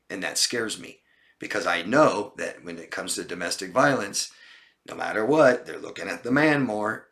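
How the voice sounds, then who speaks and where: Emphatic man coaching live, bright voice. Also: lowish voice, creaky. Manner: emphatic, repeats lists of words and asks "okay?". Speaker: relationship coach. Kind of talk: live-stream Q&A, reading and answering viewer comments.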